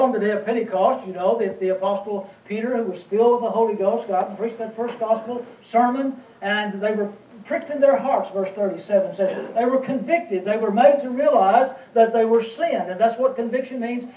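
A man preaching a verse-by-verse Bible lesson, pausing often with fillers and asking himself questions. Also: high-pitched, mellow. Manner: plain teaching with many pauses and fillers; rhetorical questions answered himself. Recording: echoey room, voice from a distance, faint noise.

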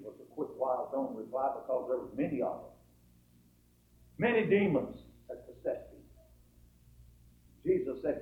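A man preaching a sermon in a folksy, dramatic way, building to loud emphasis. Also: mid-range voice, animated, moderate pace, long pauses. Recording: tinny lo-fi echoey church tape.

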